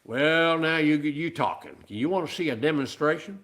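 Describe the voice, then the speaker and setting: A man voicing a calm, stubborn male farmer who talks in a low, quiet drawl. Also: moderate pace, natural voice.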